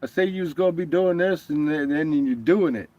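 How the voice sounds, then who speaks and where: A man's voice: on the high side, brisk, darkish tone, no room sound, highs cut off. A man chatting casually on his vlog, telling stories with lots of swearing and laughter, acting out what others said. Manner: profane, laughing storyteller, quoting others. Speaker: vlogger. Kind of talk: casual chat.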